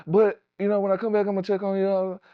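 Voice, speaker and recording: A man putting on a higher, sing-song voice to imitate a fussy, caring girlfriend. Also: completely flat delivery, fast, clear, resonant tone, phone-quality sound, natural voice. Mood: mock-caring.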